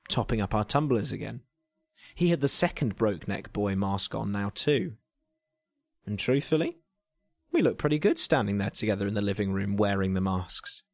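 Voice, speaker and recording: Deadpan English man narrating. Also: fairly low pitch, no echo. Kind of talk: storytelling narration.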